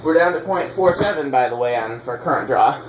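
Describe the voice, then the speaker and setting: A man's voice: medium pitch, lively intonation, a little fast. A man hosting a casual chat while testing ceiling fans, rambling and teasing with lots of fillers. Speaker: fan collector host. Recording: faint background noise.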